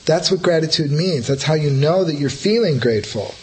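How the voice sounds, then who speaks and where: A man's voice: a little high, animated, a little fast, slight background noise, poor audio. A middle-aged man, a Buddhist teacher, giving an informal dharma talk in a loose, conversational way, full of fillers and restarts. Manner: rambling, conversational, full of "you know, like" fillers.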